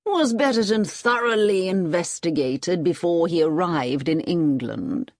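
A woman voicing an agitated male army colonel in an audiobook reading, loud and urgent. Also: lowish voice, lively intonation, measured pace, no echo, studio quality.

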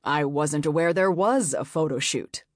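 A woman voicing a weary, laid-back male film star who talks in an easy, relaxed way, as in a read-aloud novel. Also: sits low, unhurried, no room sound, studio quality. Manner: relaxed, easygoing.

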